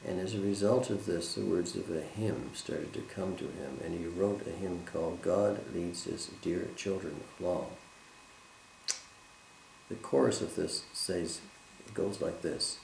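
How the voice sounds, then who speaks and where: A man with a very deep, gravelly voice leads a Bible study in an earnest, measured way and reads scripture aloud. The room is echoey and has a faint hiss behind him. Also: a little mellow.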